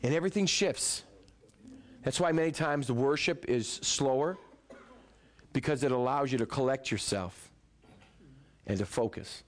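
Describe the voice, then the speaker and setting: A man preaching a sermon in a church, moving between lively, joking talk to the congregation and soft, hushed prayer. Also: mid-range voice, unhurried, pauses often. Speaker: pastor.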